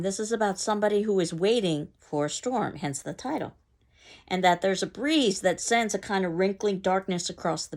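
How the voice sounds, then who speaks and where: Woman teacher, lecture delivery, lowish pitch, a gravelly rasp. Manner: explanatory, measured, with fillers and restarts. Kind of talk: recorded lecture.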